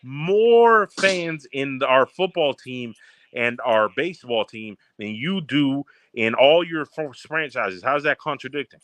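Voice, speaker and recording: A man's voice: medium pitch, unhurried, a bit bright, dry recording. A young man from Baltimore, a podcast co-host, trash-talking in heated sports banter with a brash, mocking manner. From Baltimore, Maryland.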